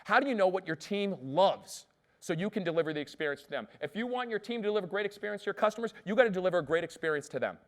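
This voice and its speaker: A man delivering a lively keynote, racing through stories at a brisk clip. His voice sits a little high for a man, and he keeps turning to the audience with questions. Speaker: keynote speaker. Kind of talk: energetic storytelling keynote speech.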